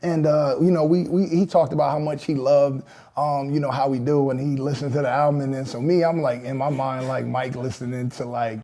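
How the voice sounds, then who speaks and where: A man's voice: mid-range voice, fairly even intonation, fairly quick, mellow. A man, a rapper, casually telling a story in an interview, loose and chatty with lots of acted-out quotes.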